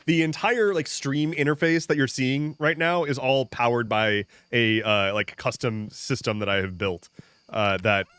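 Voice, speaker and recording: A man's voice: mid-range voice, fairly even intonation, a little slow, fairly bright tone, clean tone, no echo. A man live-streaming a farming game, chatting casually and jokingly to his viewers, rambling between tangents with frequent restarts and the odd swear. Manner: rambling, jokey, talks to chat. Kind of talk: casual live-stream chat while gaming.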